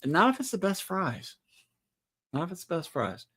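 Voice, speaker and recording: A man's voice: high-pitched, sing-song, moderate pace, sharp tone, breathy edge. A middle-aged man co-hosting a casual livestream, trading dry, teasing banter. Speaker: livestream co-host.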